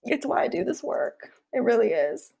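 A woman's voice: on the high side, sing-song, normal speed, creaky, mellow, slightly rough. A young adult woman, a therapist, talking in an earnest, heartfelt and reflective way during an interview. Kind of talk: interview conversation.

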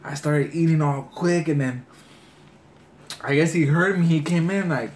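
A man's voice: on the high side, unhurried, a little hiss or hum. A man casually telling a story while eating, full of slang and swearing, acting out the people in it. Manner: profane, slangy, animated storyteller. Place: indoors at a table, eating.

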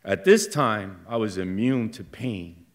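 A middle-aged man telling a personal story live on a theater stage, in a slow, halting delivery that flares up at times. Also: fairly low pitch, expressive.

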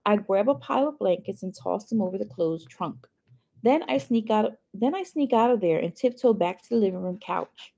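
Woman, novel read-aloud, husky voice, lively pitch, chatty asides. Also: moderate pace. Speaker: reader.

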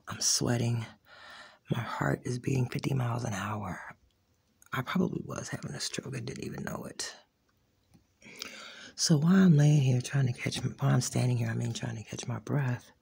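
Raspy hushed voice recounting a fight. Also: mid-range voice. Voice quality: raspy, gravelly. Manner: hushed, often dropping to a whisper; reenacts quoted dialogue. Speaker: vlogger recounting a personal altercation. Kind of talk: casual first-person recounting, walking through the scene. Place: inside a home.

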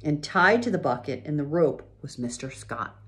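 Low-voiced woman reading a children's book. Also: expressive, moderate pace. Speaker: reader.

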